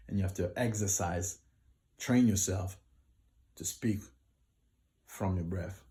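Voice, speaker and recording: A man talks viewers through his singing advice in a relaxed, unhurried tutorial vlog. His voice sits a little low and sounds mellow and dark. He speaks to the audience directly and breaks his points into simple numbered steps. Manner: explains in short lists, addresses viewers directly. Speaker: singer giving vocal tips.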